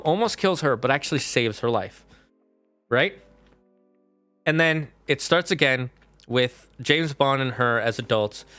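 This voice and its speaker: A man's voice: mid-range voice, fairly bright tone, smooth, no room sound. A man streaming live, chatting casually and animatedly with his viewers and mods. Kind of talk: casual livestream chat.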